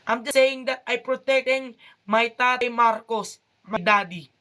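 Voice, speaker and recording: A Filipina woman with a Filipino accent, speaking halting, broken English in an angry appeal straight to her phone camera. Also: fairly high pitch, bright, forceful tone. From Philippines. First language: Tagalog. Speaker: vlogger.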